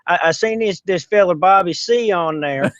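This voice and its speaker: A man voicing a folksy rural Southern man with a slow, ungrammatical drawl, as a comedy bit on a podcast. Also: sits high, fairly bright tone, no echo, lo-fi sound. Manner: drawling, ungrammatical country talk.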